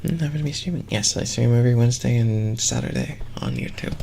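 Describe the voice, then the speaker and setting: Sleepy gravelly-voiced male streamer. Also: medium pitch, fast, hardly any pauses, noisy background. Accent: American. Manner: drowsy and giggly, reads chat aloud. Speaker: ASMR streamer. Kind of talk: casual live-stream chat.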